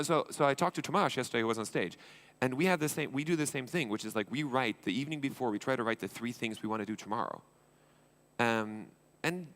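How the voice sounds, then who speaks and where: Male entrepreneur, gravelly, blunt, casual onstage speaker. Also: mid-range voice, a bit bright. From Sweden. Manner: blunt, informal, acts out dialogues, swears. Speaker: entrepreneur and angel investor. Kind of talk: conference stage talk. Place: conference stage.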